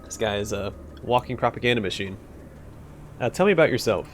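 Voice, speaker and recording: A man's voice: mid-range voice, big pitch swings, fairly quick, long pauses, faint music behind. A man hosting a let's play, making wry asides and reading choices aloud with frequent fillers. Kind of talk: casual gameplay commentary and reading dialogue aloud.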